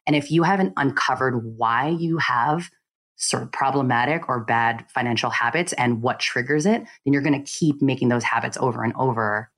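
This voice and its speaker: A woman guest in a casual interview, telling her story in an animated, expressive way and acting out quoted asides. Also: rumbling low, moderate pace. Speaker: podcast guest.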